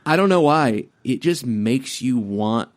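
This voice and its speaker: A man's voice: medium pitch, lively intonation, measured pace. A man co-hosting a podcast, talking about music with loose, enthusiastic phrasing and many fillers. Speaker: podcast co-host. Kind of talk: casual music chat.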